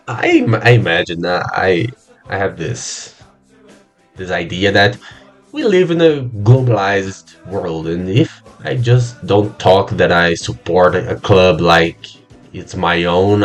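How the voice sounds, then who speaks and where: Slow-talking Brazilian man, low voice. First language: Portuguese. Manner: halting, repeats words, swears casually. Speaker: podcast host. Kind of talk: casual solo podcast monologue.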